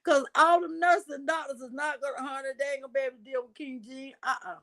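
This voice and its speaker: High-voiced woman gossiping on a livestream. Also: quick pace. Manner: animated, laughs often, drawling asides to viewers. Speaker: livestream host. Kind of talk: casual gossip commentary livestream.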